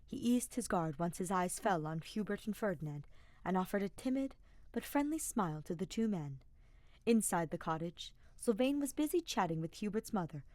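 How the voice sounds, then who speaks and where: A woman reading a fan-fiction audiobook aloud in steady, even storytelling. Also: on the low side, dry recording. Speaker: podfic reader.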